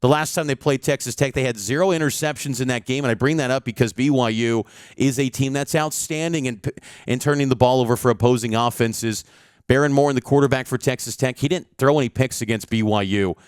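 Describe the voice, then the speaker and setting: A man's voice: medium pitch, a little fast, clear, resonant tone, dry recording, clean studio sound. A male sports reporter giving a confident, stat-heavy preview of a college football game.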